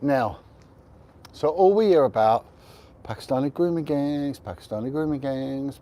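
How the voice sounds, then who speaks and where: A man's voice: medium pitch, dark tone. Rambling, blunt man on an outdoor livestream. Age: middle-aged. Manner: chatty, rambling, blunt opinions. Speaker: livestream host. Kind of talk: casual livestream monologue. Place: outdoors on a windy rooftop.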